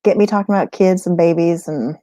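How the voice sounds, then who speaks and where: A woman's voice: fairly low pitch, brisk, mellow, no room sound. A woman in a casual livestream chat, answering viewer questions about homeschooling, rambling and laughing often mid-sentence.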